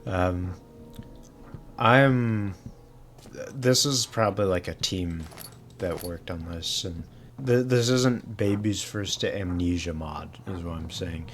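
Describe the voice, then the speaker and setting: Brief: low-voiced guy, casual gameplay commentary, meandering, faint noise behind. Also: slow. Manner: rambling, full of fillers and restarts. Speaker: gaming channel host.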